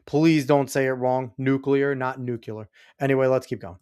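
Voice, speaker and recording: A man's voice: medium pitch, flat delivery, fairly quick. A man hosting a podcast livestream, reacting to a video clip in casual, rambling commentary and getting exasperated with his chat and the clip.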